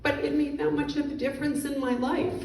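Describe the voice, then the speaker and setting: Middle-aged woman, tearful halting testimony, fairly high voice, echoey distant recording. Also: level tone, dark tone. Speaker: veteran speaker. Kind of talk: emotional personal testimony. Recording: echoey room, distant mic, faint noise.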